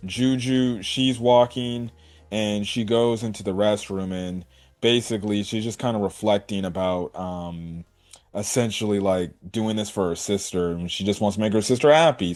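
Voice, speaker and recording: Rambling, low-voiced man recapping anime. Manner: rambling recap with many fillers and acted-out quotes. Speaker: anime reviewer. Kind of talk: casual spoken episode review.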